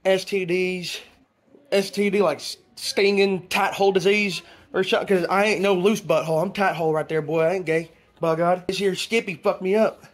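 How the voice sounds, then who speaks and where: A man's voice: high-pitched, steady tone, moderate pace, natural voice. An actor playing a rambling, conspiracy-minded man, talking in a preachy, stumbling comedy monologue. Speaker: comedy vlog character.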